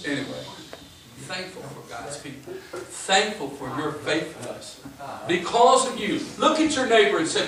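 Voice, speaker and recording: A man's voice: sits high, lively intonation, unhurried, crowd noise. A man preaching as pastor in a church sanctuary, folksy and storytelling, acting out the voices of the people he tells about. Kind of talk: casual sermon talk. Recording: echoey church, distant mic, music behind.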